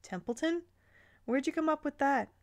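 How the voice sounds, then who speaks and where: A woman voicing a devoted male elf, in a soft, gentle tone. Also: high voice, animated, normal speed, pitched above the performer's own voice. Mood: tender.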